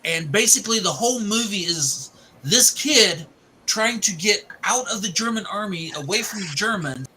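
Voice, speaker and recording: A man's voice: sits high, animated, normal speed, pushed and bright, a little hiss or hum, poor audio. A man casually retelling the plot of a film, rambling and restarting as he goes.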